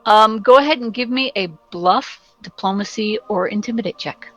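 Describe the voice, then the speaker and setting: A woman's voice: mid-range voice, fairly bright tone, lo-fi sound, faint music behind. Casual woman game master. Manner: casual, halting narration with fillers. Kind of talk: narrating a tabletop game.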